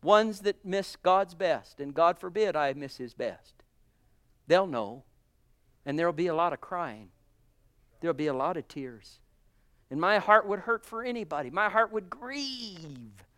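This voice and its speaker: A man preaching a sermon to a congregation, fervent, swinging from hushed, soft passages to loud exclamations. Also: sits high, lively intonation, measured pace, dry recording. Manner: addresses congregation as brothers and sisters. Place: church.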